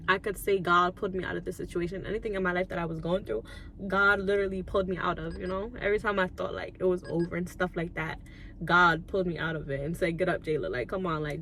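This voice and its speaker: A young woman in her twenties telling her life story in an emotional vlog, soft-spoken and on the edge of tears, with many "like"s. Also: lowish voice, slight background noise. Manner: soft-spoken, filler-heavy, tearful at times. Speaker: YouTuber and lash tech.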